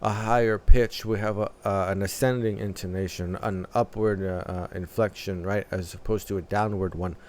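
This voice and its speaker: A man hosting a music reaction channel, talking through a track in a thoughtful, analytical way with many filler pauses. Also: fairly low pitch, steady tone, darkish tone, slight background noise.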